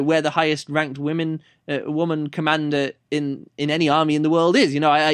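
A man chats through a book review on his podcast with no script. His voice sits a little high and sounds dry and close. He wanders, backtracks mid-sentence and laughs at his own tongue-slips. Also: no echo. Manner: off-the-cuff, rambling, restarts and self-corrections. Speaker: podcast host reviewing books.

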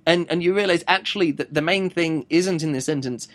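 A man's voice: a little high, fairly quick, a bit bright. A man giving a casual audiobook review, rambling and thinking aloud as he goes. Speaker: book reviewer.

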